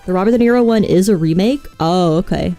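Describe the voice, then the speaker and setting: Mellow-voiced woman chatting on stream. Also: lowish voice, brisk, faint music behind. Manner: chatty, rambling, reads chat aloud. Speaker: vtuber streamer. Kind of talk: casual stream chat.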